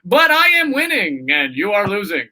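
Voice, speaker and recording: A man's voice: sits high, wildly swooping pitch, moderate pace, pushed and bright, full character voice. A man imitating a smug game show announcer in a mock-formal, gloating voice.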